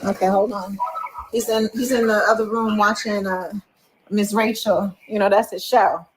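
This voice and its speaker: A woman's voice: medium pitch, steady tone, normal speed, a little hiss or hum. A woman on a phone call to her husband, venting emotionally and leaning on fillers like "you know". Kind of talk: casual phone conversation.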